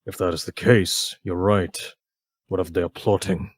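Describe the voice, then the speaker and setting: A man voicing an armored warrior in a vision who speaks with measured caution. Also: deep voice, flat delivery, breathy edge, no room sound. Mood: grave.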